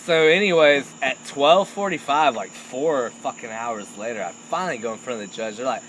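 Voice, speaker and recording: A young man tells a crude comic story, laughing at his own punchlines. His voice sits fairly high, bright and forceful, swinging widely in pitch. Faint crickets chirp behind him outdoors at night. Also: a little fast, few pauses, a little hiss or hum, poor audio. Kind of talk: casual comic anecdote.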